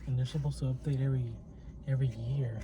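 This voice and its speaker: Speaking quickly in a mid-range, level voice, a man who hosts the channel rambles casually to camera. He hesitates, restarts often, and uses lots of fillers, while planes and traffic are faintly audible behind him.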